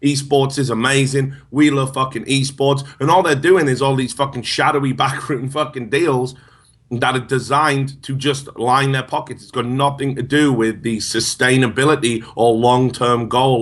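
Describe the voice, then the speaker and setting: A man's voice: mid-range voice, fairly bright tone. A man co-hosting a talk show, ranting heatedly in casual, profane banter. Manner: heated, swearing rant. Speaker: podcast co-host.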